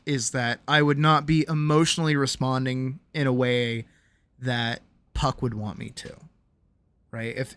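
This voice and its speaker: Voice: mid-range voice, a bit bright, no room sound. A young adult streamer telling a candid personal story to a live chat from a home room, reflective and hesitant, with many ums and restarts.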